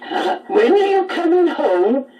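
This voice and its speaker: An elderly grandmother speaking a halting taped message, repeating phrases as she is prompted. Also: high-pitched, big pitch swings, mellow, highs cut off. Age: older. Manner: slow and hesitant, repeating prompted words. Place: a family home. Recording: distant home tape recording with music and hiss.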